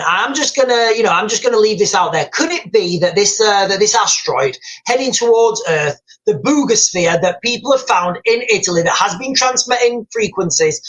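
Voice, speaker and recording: Male streamer, rambling and excitable, restarts sentences, reads chat aloud. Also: sits high, poor audio. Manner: rambling, excitable, repeats phrases, many fillers. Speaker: livestream host. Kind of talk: casual livestream chat reading viewer comments.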